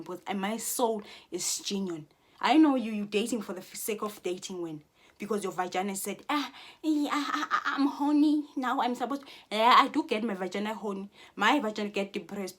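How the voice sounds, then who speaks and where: A woman speaking to her viewers in a heated monologue, swearing often, repeating herself and restarting her sentences. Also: mid-range voice. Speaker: vlogger. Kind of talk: profane angry monologue to viewers.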